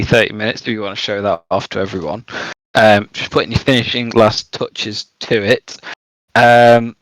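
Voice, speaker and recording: A man's voice: mid-range voice, dry recording, rough recording. A man running a tabletop game, talking casually with many fillers. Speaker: game master.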